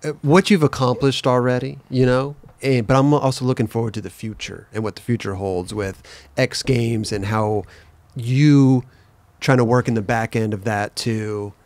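A man's voice: medium pitch, fairly even intonation, normal speed, a little mellow, no echo. A man hosting a podcast, easygoing and slangy, hyping up his guest. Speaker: podcast host. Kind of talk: casual interview chat.

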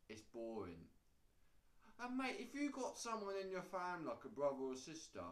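A man rambling sarcastically to camera, swearing freely in a casual monologue. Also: fairly low pitch. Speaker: vlogger. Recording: roomy echo.

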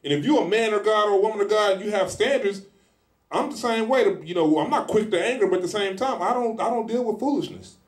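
Animated preacher, higher-voiced man. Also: quick pace, reverberant. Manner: animated, acts out scenes in lively voices; speaks in informal colloquial style. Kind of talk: sermon. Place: church hall.

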